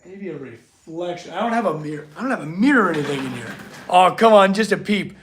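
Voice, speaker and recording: Man, high voice, casual livestream chat, loose and chatty, workshop. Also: lively intonation, quick pace, a bit bright, slight background noise. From California. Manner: chatty, loose, talks to viewers and his dogs. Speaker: blacksmith streamer. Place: metal workshop, indoors.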